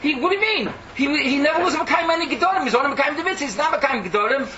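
A man's voice: very high-pitched, lively intonation, very fast, echoey room, far from the mic, highs cut off, crowd noise, voice pushed up. A man voicing a scornful male angel who acts as accuser. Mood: indignant.

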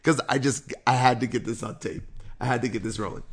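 A man, a rabbi, telling a story in a lively, conversational sermon. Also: mid-range voice, fast, breathy edge.

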